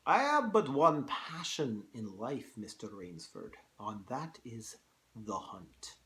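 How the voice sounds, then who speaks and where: Cultured Russian aristocrat-hunter, slow and menacing with lively pitch swings, put on by a male reader. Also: full character voice. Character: suave aristocratic Russian hunter general, older man.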